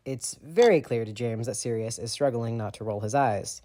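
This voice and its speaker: A man narrating a fan fiction audiobook in an expressive, steady storytelling voice. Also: mid-range voice, moderate pace, few pauses. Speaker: audiobook reader.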